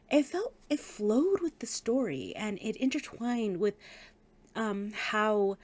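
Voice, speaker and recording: A woman giving a casual book review. She speaks in an animated way, laughs often and swears casually. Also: medium pitch, a little slow.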